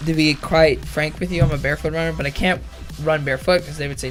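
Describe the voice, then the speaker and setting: A man's voice: fairly high pitch, fairly even intonation, quick pace, fairly bright tone, soft background music. A young man casually telling a rambling story about his school year, often correcting himself and swearing. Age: young adult. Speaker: vlogger.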